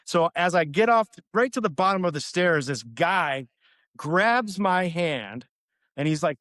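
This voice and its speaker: Guest musician, male, lively casual storyteller, fairly high voice, dry close mic. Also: measured pace, dry recording. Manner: animated, laughing storyteller with many fillers.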